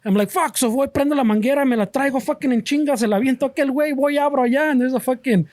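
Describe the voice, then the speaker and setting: Man, podcast host, rapid storytelling, acts out quotes, laughs a lot, dry close mic. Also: extremely high pitch, darkish tone, dry recording, faint music behind. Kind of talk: casual storytelling chat.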